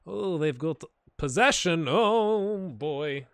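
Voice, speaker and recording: A man giving casual, animated commentary while playing a football management game, cheering on and talking to his players. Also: on the high side, no echo. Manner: animated, talks to his players, puts on silly voices.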